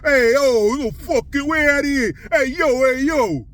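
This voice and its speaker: A man's voice: very high voice, unhurried, fairly bright tone, pitched above the performer's own voice. A man putting on the voices of rowdy young Italian New York guys, brash and swaggering. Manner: brash, swaggering, street-tough.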